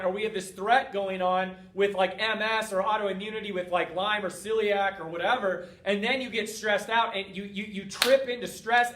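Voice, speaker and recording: High-voiced man coaching in a roomy space. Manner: energetic, coaching, speaks directly to listener. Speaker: host. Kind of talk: motivational talk. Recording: roomy, distant from mic.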